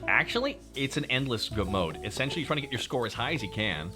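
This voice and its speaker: A man streaming, chatting casually and excitedly, swearing freely as he reacts. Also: medium pitch, fast talker, music in the background.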